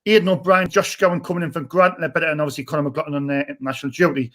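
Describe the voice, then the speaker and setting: A man's voice: a little high, fairly even intonation, fairly bright tone. A man opening a fan live stream and chatting loosely, reading out a team list. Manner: loose, halting, reads lists out plainly. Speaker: host. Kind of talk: casual live-stream chat.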